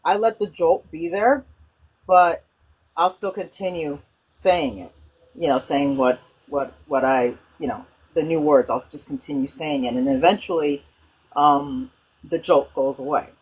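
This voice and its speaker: A woman with a low, husky voice shares stories and ideas in a spiritual chat. She talks in an animated way and often stops to restart her sentences. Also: unhurried, low-quality recording. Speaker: host. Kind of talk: spiritual conversation, storytelling.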